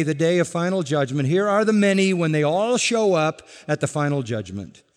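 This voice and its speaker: A man preaching a sermon with a somewhat high voice. He presses his points hard, climbing to loud declarations and then dropping into low, stretched endings. His voice carries a long reverb, as in a large hall. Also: lively intonation, normal speed, hardly any pauses. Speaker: pastor.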